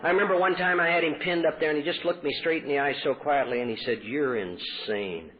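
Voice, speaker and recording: This middle-aged man from Texas, speaking at a convention podium about his recovery, earnestly performs the lines he quotes. He talks fast in a slightly high voice, captured on thin, lo-fi 1980s convention tape.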